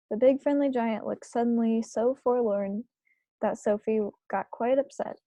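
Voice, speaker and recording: A woman reads a children's novel aloud in a steady storytelling cadence. Her voice sits a little high but sounds mellow, with a gravelly fry, and the recording is dry and close. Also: a little slow, no room sound. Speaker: book club reader.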